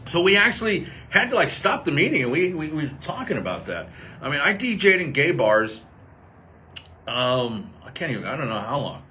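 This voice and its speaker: A middle-aged man hosts a casual talk show, telling long stories with animated jumps in pitch when he acts out other people. His voice is bright and forward. A faint noise floor sits under the studio recording. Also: normal speed. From Texas. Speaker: host. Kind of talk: casual storytelling chat.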